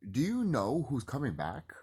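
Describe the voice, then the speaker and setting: A man rambling excitedly and cursing freely in a casual vlog monologue to his viewers. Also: medium pitch, normal speed, husky. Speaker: YouTuber.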